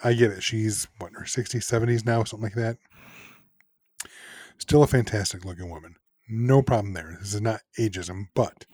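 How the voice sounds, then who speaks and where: A man co-hosting a casual podcast, speaking at an ordinary middle pitch. He is sarcastic and laughs and swears freely as he critiques. The sound is dry and close. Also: no room sound. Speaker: podcast co-host.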